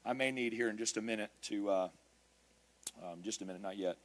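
A man preaching a sermon, emphatic, building his lists up to shouts. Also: lowish voice, a little fast.

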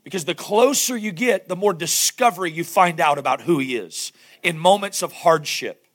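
A man with a Southern accent preaching a sermon, his voice hoarse and strained, asking the congregation questions as he goes. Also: a little high, expressive, moderate pace, a bit bright. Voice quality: gravelly. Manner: conversational preaching with rhetorical questions. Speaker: pastor.

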